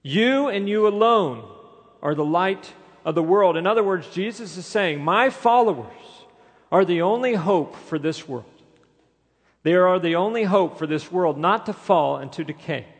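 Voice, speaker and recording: A male pastor delivering an emphatic sermon, asking the congregation question after question. His voice sits a little high and carries a gravelly edge. The sound rings with the long reverb of a large church hall. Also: moderate pace. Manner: emphatic preaching with rhetorical questions.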